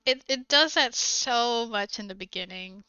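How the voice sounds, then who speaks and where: A woman's voice: a little high, a little slow, pushed and bright, clear, resonant tone, dry recording. A woman streamer chatting casually and giggling often while she crafts on a livestream, recorded on a slightly dull desk mic.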